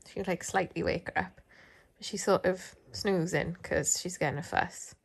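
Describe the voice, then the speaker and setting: A woman's voice: lowish voice, fairly even intonation, normal speed, gravelly, slightly rough. A woman who shows dogs, chatting casually into her phone at home, rambling with lots of fillers. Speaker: dog show handler. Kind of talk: casual vlog chat. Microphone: phone held in hand.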